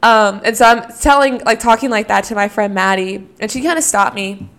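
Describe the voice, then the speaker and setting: A woman's voice: medium pitch, brisk, a bit bright. A young woman, a college student, talking casually and earnestly about her faith, often using "you know" and "like". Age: young adult. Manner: earnest, reflective, many fillers like "you know" and "like". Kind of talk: casual devotional talk.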